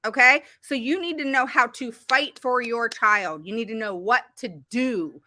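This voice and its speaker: A woman special education advocate talking straight to her viewers in a blunt, animated way, her voice swinging up and down as she talks. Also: a little high, a little slow, no echo. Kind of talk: casual direct-to-camera talk.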